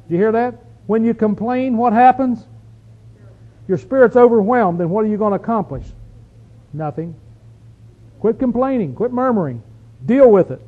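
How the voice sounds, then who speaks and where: Man, pastor, folksy sermon, high voice, muffled lo-fi sound. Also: lively intonation, normal speed, pauses often. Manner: folksy preaching, reads scripture aloud with emphasis. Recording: dull lo-fi recording.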